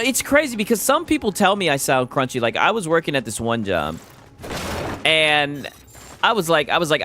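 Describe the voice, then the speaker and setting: A young man with a Southern US accent chats loosely over his game, rambling, laughing and swearing. His pitch moves a lot as he talks. Game music plays clearly behind him. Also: sharp tone. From Atlanta, USA. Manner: laid-back, rambling, swearing, laughing chatter. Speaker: gaming streamer. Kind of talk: casual let's-play commentary.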